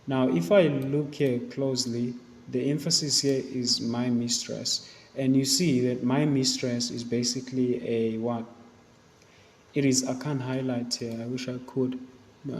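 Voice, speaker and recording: A male English teacher goes through an exam paper at a patient, explanatory pace, with fillers and repeated phrases. His mid-pitched voice carries a long reverb tail, as if he were recorded in a bare hall. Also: a little hiss or hum. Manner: explanatory, talks students through questions with many fillers. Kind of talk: exam review lesson.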